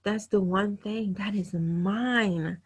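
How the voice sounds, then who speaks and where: A woman in her thirties hosts a webinar over a computer mic, sharing her own story in an earnest, candid, emotional way and quickly quoting herself. Her voice is mid-range and slightly rough, with fairly even intonation.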